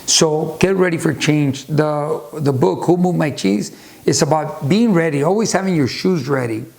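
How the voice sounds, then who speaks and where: A man's voice: fairly high pitch, normal speed, vocal fry, darkish tone. A man hosting a video channel, talking casually and rambling through a book recommendation with many restarts and side stories. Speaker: YouTube host discussing a book. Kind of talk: casual unscripted talk.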